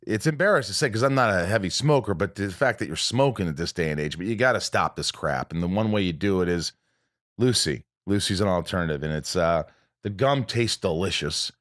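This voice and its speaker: Male podcast host, lively pitch, dry close sound, bursts into impressions. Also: brisk, dry recording. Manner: animated, jumps into loud impressions of movie lines. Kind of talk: casual chat.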